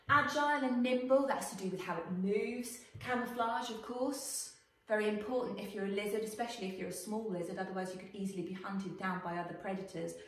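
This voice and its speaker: A woman teacher explaining a writing task to her pupils in a clear, questioning way, recorded for a video lesson. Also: medium pitch, far from the mic. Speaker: primary school teacher. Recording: echoey room, voice off-mic.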